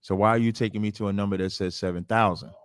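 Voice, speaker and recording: A man's voice: on the low side, fairly even intonation, fast, clear, resonant tone, no echo, studio quality. A man hosting a heated debate, arguing and reading out statistics, often cutting in. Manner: argumentative, reads statistics aloud, interrupts. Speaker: radio host debating a guest.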